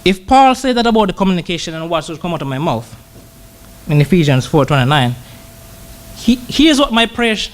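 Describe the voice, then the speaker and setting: A man giving a conversational sermon who pauses often, repeats words and slows down to read scripture. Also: sits high, sing-song. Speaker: church brother preaching.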